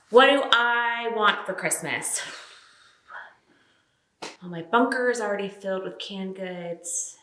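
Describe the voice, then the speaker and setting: A woman delivering deadpan comedic character monologues, chatty and hesitant with fillers. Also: fairly low pitch, roomy sound. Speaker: comedy sketch performer.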